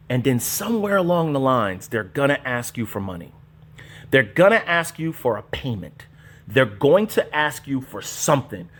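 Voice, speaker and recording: A man's voice: medium pitch, big pitch swings, moderate pace. A man hosting a show, giving casual, incredulous commentary on clips and mocking them, with frequent profanity. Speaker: show host reacting to clips.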